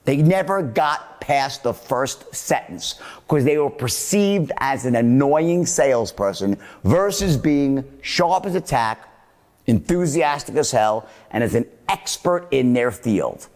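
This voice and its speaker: A man's voice: medium pitch, animated, takes it slowly, darkish tone, big-room sound. A man giving a sales seminar, blunt and profane, acting out the tones of voice he teaches. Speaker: sales trainer.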